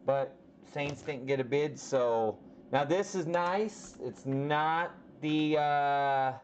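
A man hosts a casual trading-card break and talks slowly, stretching out his reactions as each pack opens. The audio is slightly dull, and a faint noise sits behind his voice. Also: on the high side, a little mellow. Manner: slow, drawn-out reactions while opening packs.

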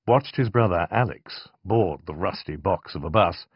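Male audiobook narrator, lively low voice. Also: normal speed, husky, no room sound, dull audio. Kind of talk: scripted narration.

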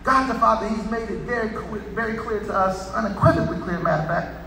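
A male preacher giving a sermon, with repetitive lines that build into shouted crescendos. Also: high voice, fast, a little hiss or hum. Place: church sanctuary. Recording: echoey hall from far off.

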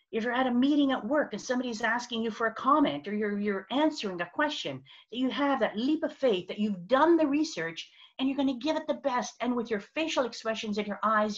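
Woman giving a lively video-call workshop talk. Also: on the high side. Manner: expressive, acts out examples. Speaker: speaker on virtual presence. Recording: dull lo-fi video call audio.

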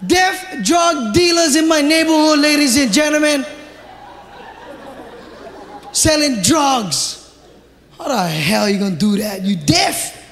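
A man doing live stand-up comedy in a Hawaii Pidgin-inflected accent, animated and shouting his punchlines in a large theater. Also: very high-pitched, a little hiss or hum. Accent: Hawaii Pidgin-inflected English. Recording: live theater hall with crowd.

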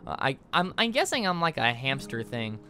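A man's voice: mid-range voice, sing-song, normal speed, bright, forceful tone, soft background music. Young man rambling over gameplay. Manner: rambling, stammering restarts, enthusiastic. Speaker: let's play host. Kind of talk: casual gameplay commentary.

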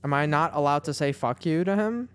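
This gamer, working through his backlog, rambles through casual, foul-mouthed commentary full of filler words, mocking the characters in exasperation. His voice is on the high side, animated and brisk with a fairly bright tone, and soft music plays in the background.

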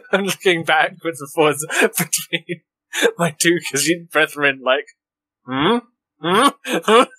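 A man's voice: fairly high pitch, unhurried, bright, forceful tone, husky. A man in a tabletop role-play who calls out his character's actions in short, laid-back lines. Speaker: player.

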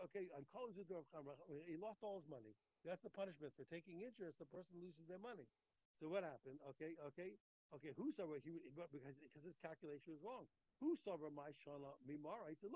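A man teaching a daily Talmud page, his voice high and a little husky. He swings widely up and down as he explains, restarting and repeating phrases as the argument builds. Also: fast talker, rough recording. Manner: animated, repeats phrases, acts out the text's speakers. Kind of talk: daf yomi Talmud class.

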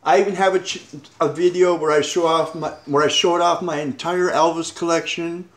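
Eager man rushing through a vlog intro. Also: on the high side, fairly even intonation. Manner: rushed, eager, with many self-corrections. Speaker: channel host.

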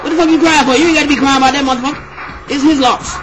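A man vlogging a comic video response, loud and mock-consoling, with slang and cursing. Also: very high voice, fairly even intonation, racing, faint music behind.

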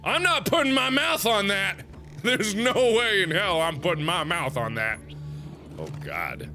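A man's voice: sits high, big pitch swings, a little slow, sharp tone. A man commentating his own gameplay, nervous and easily startled, with panicky exclamations and nervous laughs. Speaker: let's play host. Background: game music.

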